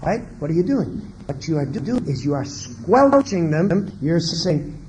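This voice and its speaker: A man's voice: on the high side, measured pace, slight background noise, poor audio. A man giving a marriage seminar lecture, asking the audience question after question and acting out what parents and children say. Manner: animated, asks the audience many questions; acts out quoted parents and children. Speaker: seminar speaker.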